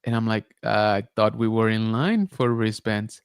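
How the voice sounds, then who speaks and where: A man hosting a podcast, telling a story in a casual, animated way with lots of filler words. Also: fairly low pitch, moderate pace, smooth, no room sound, studio quality. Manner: animated retelling, many filler likes and rights. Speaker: podcast host.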